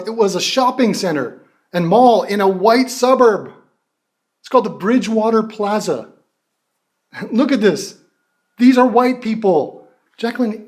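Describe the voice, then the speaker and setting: A man rants through a reaction video with profanity and open mockery. He sounds exasperated throughout. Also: sits high. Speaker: commentary channel host.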